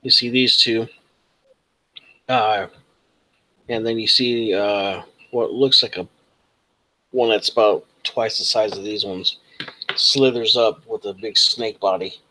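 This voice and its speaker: A man's voice: lowish voice, fairly even intonation, slow, long pauses, pushed and bright. A man narrating as game master of a tabletop game, in a laid-back way.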